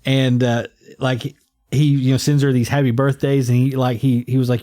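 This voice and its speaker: A man's voice: mid-range voice, flat delivery, normal speed, warm tone, no echo, studio quality. A man hosting a podcast, chatting casually and rambling as he restarts his sentences. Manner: rambling, many fillers and restarts. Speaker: podcast host. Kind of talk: casual chat.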